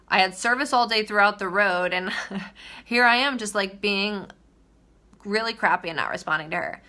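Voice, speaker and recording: A young woman with a mid-range, bright voice and a forceful tone tells a story on a casual livestream vlog. She's chatty and fills her storytelling with fillers and lots of "likes."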